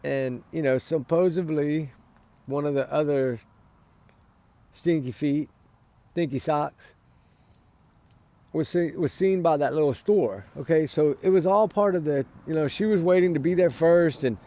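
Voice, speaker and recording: Tired man, dark gravelly voice, rambling casual opinion talk, for a commentary spot. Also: on the high side, a little slow, pauses often, no room sound. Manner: rambling, repeats "right?", sighs and yawns. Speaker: commentator on a missing-child case.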